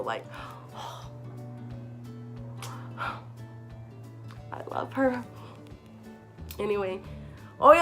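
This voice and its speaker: A young woman in her own casual vlog, retelling a story with an excitable, chatty flow and lots of filler words. Her voice sits a little high. Faint music plays quietly beneath her. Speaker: vlogger.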